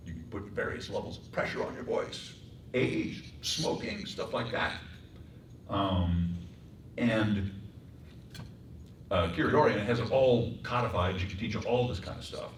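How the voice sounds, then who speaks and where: A man teaching voice acting in a workshop lecture, breaking into accent and pitch demonstrations. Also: unhurried, slight background noise. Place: performing arts center room. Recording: echoey room, mic far off.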